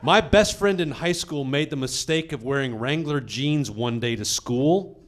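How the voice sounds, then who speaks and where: A man telling a funny story from his school days, deliberate, singing bits of an old jingle. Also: fairly high pitch. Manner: deliberate, sings jingle lines. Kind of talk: comedic storytelling.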